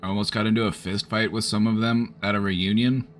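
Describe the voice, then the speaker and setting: Deep-voiced man, loose rambling stream chatter, faint music underneath. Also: steady tone, a little fast. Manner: rambling, chatty, lots of fillers. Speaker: streamer offering support. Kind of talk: casual live-stream chat.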